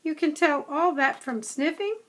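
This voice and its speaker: A woman voicing a timid young dog who is anxious and gentle, speaking in a fretful, whimpering way. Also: high voice, unhurried.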